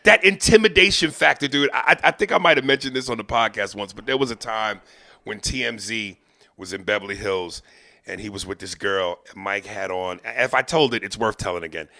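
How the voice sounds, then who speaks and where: A man hosting a podcast, telling profane, animated comic stories and acting out the people in them. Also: lowish voice, fairly quick. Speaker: podcast host. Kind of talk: comedic storytelling.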